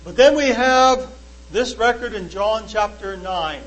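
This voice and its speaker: A preacher whose man's voice sits strikingly high for a man. He talks earnestly and emphatically, quoting archaic scripture verse by verse in a sermon-style testimony. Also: measured pace, a bit bright, lo-fi sound.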